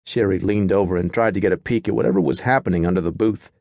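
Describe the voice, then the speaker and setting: A male narrator with a lowish voice reads a fantasy audiobook in a steady, measured way. The recording is close and dry, with no room sound. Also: gravelly, no echo, highs cut off. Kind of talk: scripted narration.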